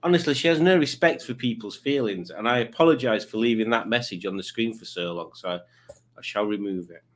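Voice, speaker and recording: A man's voice: lowish voice, brisk. A man hosting a live stream, chatting casually and reading out viewer messages in silly voices. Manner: joking, reads chat messages aloud in silly voices. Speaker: livestream host.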